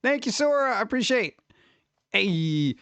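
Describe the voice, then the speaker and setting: A man hosting a livestream, chatting casually and rambling excitably with viewers, often laughing. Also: high-pitched, a little slow, smooth, no echo. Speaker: livestream host. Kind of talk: casual chat with live viewers.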